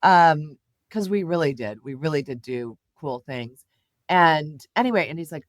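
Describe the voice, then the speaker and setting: A middle-aged woman telling stories as an interview guest, animated and full of fillers. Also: low-pitched, measured pace, no echo. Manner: animated storyteller, many fillers and laughs. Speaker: guest, communications executive. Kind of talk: casual interview chat.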